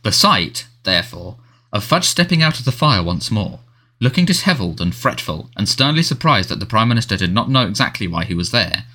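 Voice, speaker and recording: A man's voice: on the low side, very animated, a little fast, bright, forceful tone. A man narrating a novel as an audiobook, telling the story expressively. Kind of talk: scripted narration.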